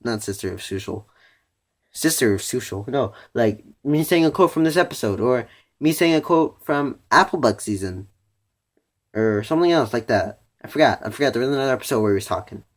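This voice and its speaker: A teenage boy at a middle pitch talks casually through his thoughts in a review. He leans on "you know" and "like" throughout and often breaks off to restart a sentence. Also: animated, fairly quick. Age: teens. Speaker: vlogger reviewing a cartoon episode.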